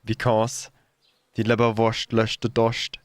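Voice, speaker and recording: A man's voice: lowish voice, completely flat delivery, takes it slowly, no echo. A man putting on a folksy villager. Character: homely German villager in thick dialect.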